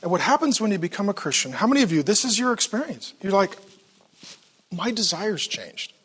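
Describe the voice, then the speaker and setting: A man's voice: high voice, very animated, fast talker, fairly bright tone, husky. A man preaching a sermon as pastor in a church, telling stories with playful acted-out quotes.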